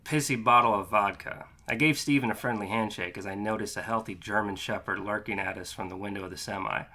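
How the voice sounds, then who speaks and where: A man narrating a gritty first-person audiobook. His lowish voice is bright and forceful, and he reads at an even, matter-of-fact clip. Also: fast talker. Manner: steady, matter-of-fact, casually profane.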